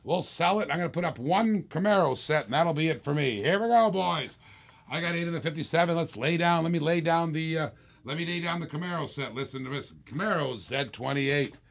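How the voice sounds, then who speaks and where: A man hosting a live-streamed toy car auction, calling bids in quick repeated bursts with chatty asides to viewers. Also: a little high, creaky. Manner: rapid repetitive bid calling, chatty asides. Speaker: auctioneer host.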